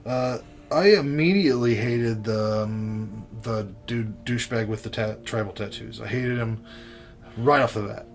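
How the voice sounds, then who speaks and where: Man on a horror podcast, casual movie chat, swearing a lot, jokey and animated. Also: on the low side, unhurried, gravelly, faint music behind. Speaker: podcast co-host.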